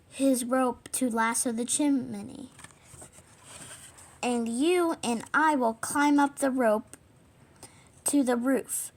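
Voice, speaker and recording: Kind girl rag doll, woman reading, storybook, high voice, slow pace.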